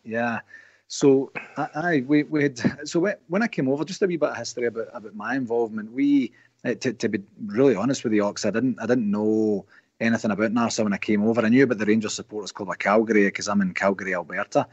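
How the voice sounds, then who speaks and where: A middle-aged man with a Scottish accent tells his story in a relaxed way, often stopping and starting his sentences. His voice is a little husky and comes over a dull, muffled call line that sounds dry and close. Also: on the low side, fast, no room sound. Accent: Scottish, Paisley. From Scotland. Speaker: guest, supporters association president. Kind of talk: casual chat.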